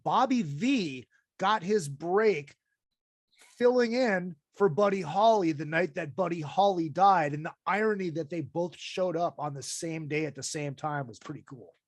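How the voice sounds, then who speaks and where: A man's voice: fairly high pitch, a little slow, dry recording. A man hosting a live podcast in a casual chat, reading listener comments aloud. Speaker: podcast host.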